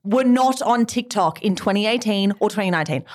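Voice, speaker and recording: A woman in her twenties chatting casually in a book club, animated and opinionated. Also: mid-range voice, fairly quick. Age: 20s. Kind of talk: casual chat.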